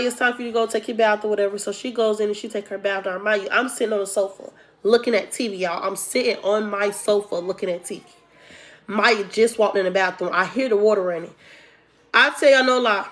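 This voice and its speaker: A young woman recounts a personal story in a relaxed, conversational way. She talks straight to her viewers, calls them y'all, and acts out what people said along the way. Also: mid-range voice. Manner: chatty, addresses viewers as y'all, acts out quotes. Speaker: storytime vlogger. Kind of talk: casual storytelling to camera.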